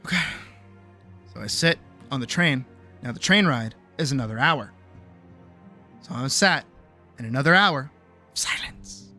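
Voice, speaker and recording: A woman streamer casually telling a story, animated and exasperated, swearing freely and acting out the people she talks about. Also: on the low side. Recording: faint music behind.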